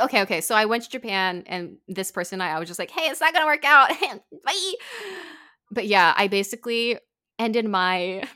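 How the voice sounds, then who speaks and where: A young woman talks in a relaxed podcast chat, with a bright, forward tone. She tells her story with animated energy and leaps up in pitch when she acts out what other people said. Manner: animated, acts out quotes with big pitch jumps.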